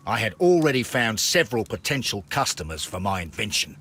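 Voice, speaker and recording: A man's voice: on the low side, big pitch swings, a little fast, fairly bright tone, a little hiss or hum. A man voicing an irritable, wealthy male businessman and engineer with an Australian accent in a video game. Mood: explaining. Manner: impatient, complaining, brusque.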